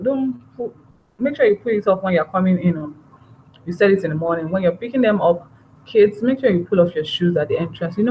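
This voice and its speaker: A woman giving a parenting training talk, lively and acting out parent and child voices as she explains. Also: on the low side, slight background noise, poor audio.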